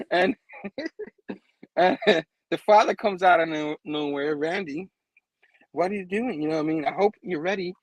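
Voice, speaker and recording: A man casually recapping a comic book, laughing often and acting out the characters in quick voices. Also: a little high, no room sound, rough recording.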